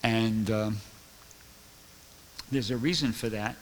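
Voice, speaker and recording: A man's voice: fairly low pitch, takes it slowly, in a large hall, slight background noise. A man giving a casual scripture class, telling stories in a rambling way with many fillers. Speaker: temple lecturer. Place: temple hall.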